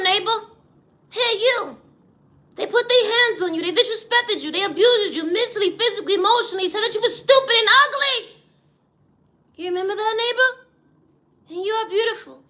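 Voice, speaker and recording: A shrill, piping voice preaches comfort and self-worth, calling the listener "neighbor" over and over. The tone is bright and sharp. It comes from a vlog of spoken-word talks. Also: male voice. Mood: fervent. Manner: preachy, repeats "neighbor" and "you know". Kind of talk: spoken-word pep talk.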